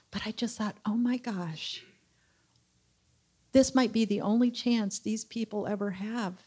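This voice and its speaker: Woman, middle-aged, church testimony, storytelling, acts out quoted voices, mid pitch. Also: warm tone. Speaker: church member sharing testimony.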